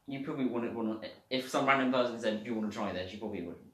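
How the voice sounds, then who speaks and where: Soft-spoken man, echoey room. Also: medium pitch, very fast. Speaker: podcast co-host. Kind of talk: casual banter.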